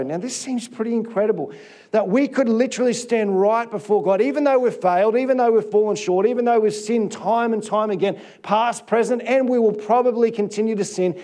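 A man's voice: sits high, a little fast, warm tone. A middle-aged man preaching a sermon as a pastor, telling candid self-deprecating stories with frequent restarts.

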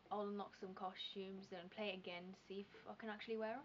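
A woman's voice: mid-range voice, level tone, fast talker. Chatty woman, lo-fi game commentary. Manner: self-deprecating, chatty, thinking aloud while typing codes. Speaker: gameplay commentator. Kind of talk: casual let's-play commentary. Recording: lo-fi home recording with background hiss.

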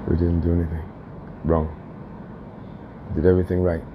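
A man's voice: low voice, flat delivery, moderate pace, narrow, tinny audio, noisy background. A man venting in a personal vlog from his apartment, aggrieved and repetitive, often swearing. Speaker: tenant vlogger. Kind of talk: agitated personal vlog rant.

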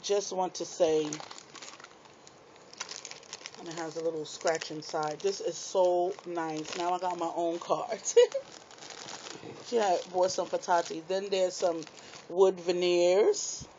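Brief: excitable woman, slow-talking craft vlogger, recorded on a muffled tablet mic. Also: fairly low pitch, a little hiss or hum. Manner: chatty, excitable, laughs at herself. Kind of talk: casual unboxing chat to viewers. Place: small apartment room. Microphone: tablet microphone. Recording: dull lo-fi tablet audio.

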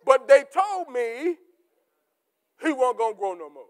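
Man preaching, very high voice, shouted peaks, low asides, repeats key words. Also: big pitch swings, measured pace. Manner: rising to shouts, then dropping to low asides. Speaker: pastor. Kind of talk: sermon.

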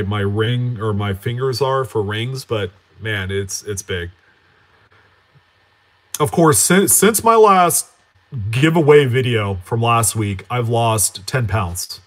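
A man hosting a coin collecting channel in a casual live-stream chat, greeting viewers by name and answering them in a relaxed, rambling way. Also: medium pitch, slow. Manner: chatty, reads out and answers viewer names; relaxed, with frequent fillers and self-corrections.

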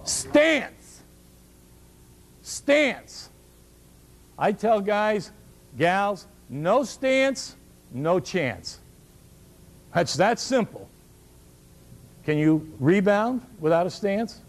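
A man's voice: high voice, sing-song, drawn-out words, long pauses. A man in his sixties coaching basketball shooting at a clinic, a folksy storyteller who jokes and repeats his key words. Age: 60s.

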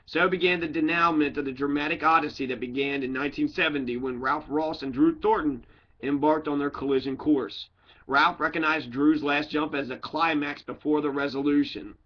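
A fairly high-voiced man reading a true-crime book aloud, stopping now and then for offhand joking asides and fixing his own stumbles. The recording is dull and lo-fi. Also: fairly even intonation, normal speed. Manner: breaks off reading for joking tangents and self-corrections. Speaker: audiobook reader. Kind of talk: casual read-aloud with rambling asides.

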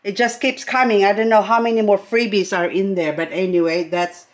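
A woman's voice: medium pitch, fairly even intonation, brisk. A middle-aged woman hosting a gardening channel, gushing and exclaiming with frequent laughter as she unboxes plants. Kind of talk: excited unboxing vlog.

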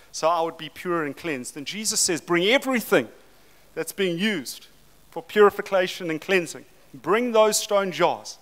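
An excited South African man preaches a sermon in a fairly high voice. He speeds up and slows down as he acts out quoted words with dramatic emphasis. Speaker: church leader speaking at a leadership forum.

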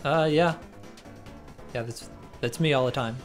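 A man's voice: medium pitch, a little slow, faint music behind. A man in casual gaming banter, giving laid-back, playful replies to his co-host. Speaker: co-host playing along. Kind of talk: casual let's-play banter.

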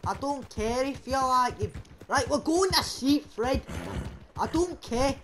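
A young man with a put-on Scottish accent, voicing a brash, foul-mouthed outlaw in a game role-play, rough and swaggering. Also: very high-pitched, expressive, unhurried, a bit bright, a little hiss or hum, full character voice. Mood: blustering. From England. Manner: rough, swaggering, swears a lot.

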